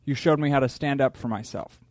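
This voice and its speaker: Comedian, mid-pitched man, dry close sound, earnest letter reading. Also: fairly quick, darkish tone, dry recording. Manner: earnest and heartfelt.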